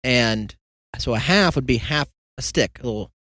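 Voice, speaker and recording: Young male host, casual monologue, rambling and jokey, dry close sound, mid pitch. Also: animated, normal speed, pushed and bright, no room sound. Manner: rambling storyteller, joking asides and mock quotes. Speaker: podcast host.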